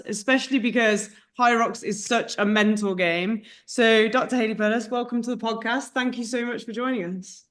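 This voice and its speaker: A woman hosts a podcast and welcomes her guest in a friendly way. Her voice is slightly high, and her questions come out hesitant, full of small fillers. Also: a bit bright. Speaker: podcast host. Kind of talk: podcast interview.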